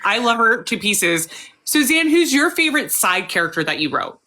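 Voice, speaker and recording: A woman's voice: a little high, big pitch swings, moderate pace, bright, forceful tone. A woman hosting a live interview, gushing and eager as she tumbles through her words. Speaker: host. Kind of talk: casual live interview chat.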